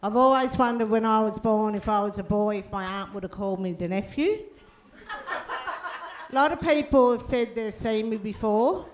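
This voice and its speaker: A woman's voice: on the high side, moderate pace, crowd noise. A middle-aged woman, telling stand-up stories in a laid-back, cheeky way and tagging lines with "eh?". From Australia. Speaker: comedian. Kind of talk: stand-up storytelling.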